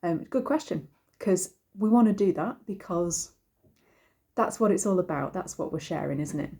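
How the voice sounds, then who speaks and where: A woman's voice: lowish voice, lively intonation, normal speed, dark tone. A woman, a singing teacher, giving a casual and rambling lesson to camera with many ums and restarts. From United Kingdom.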